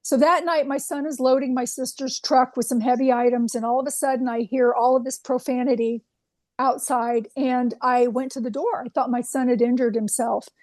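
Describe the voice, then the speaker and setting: A woman guest telling a personal anecdote in an interview, animated and quoting dialogue. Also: high voice, moderate pace, dry recording. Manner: animated anecdote with acted quotes. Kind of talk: storytelling in an interview.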